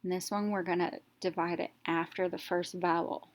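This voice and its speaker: Woman, teacher, lowish voice, phonics lesson, slow and deliberate, sounds out each letter. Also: little pitch movement.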